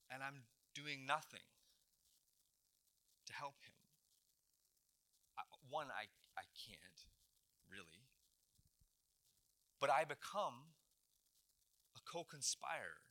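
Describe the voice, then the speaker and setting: A middle-aged pastor preaching a sermon in a very bright, crisp voice. He retells the story dramatically and leans hard on repeated words. His pitch sits in an ordinary middle range for a man. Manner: dramatic retelling with acted quotes, emphatic repetitions.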